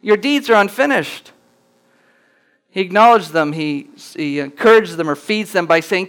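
High-voiced clear male preacher. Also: animated, a bit bright, poor audio. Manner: reads scripture slowly and deliberately, rising for emphasis; earnest, plainspoken preaching with fillers and restarts. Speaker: pastor. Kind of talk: sermon.

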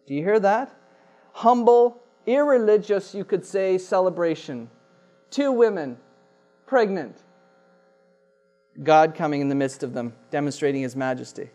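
A man's voice: fairly high pitch, darkish tone. A man preaching a sermon, emphatic and repeating key phrases for effect. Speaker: pastor.

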